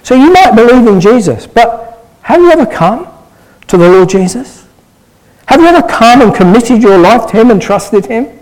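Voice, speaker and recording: A man's voice: very high-pitched, lively intonation, normal speed, a little mellow, poor audio. A man preaching a sermon, earnest and pressing his listeners with eager rhetorical questions.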